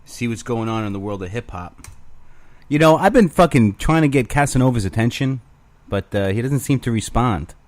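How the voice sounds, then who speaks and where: A man's voice: mid-range voice, lively intonation, moderate pace, darkish tone, no room sound. A man hosting his own show alone, rambling crudely with self-mocking humor. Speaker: podcast host. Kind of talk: casual solo rambling.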